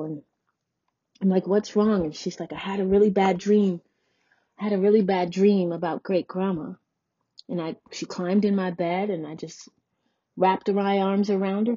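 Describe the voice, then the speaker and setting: A woman in her forties hosting her own podcast tells a personal story candidly and conversationally, acting out the voices of people she quotes. Her voice is lowish, mellow, and a little husky, in a dry, somewhat dull lo-fi recording with no echo.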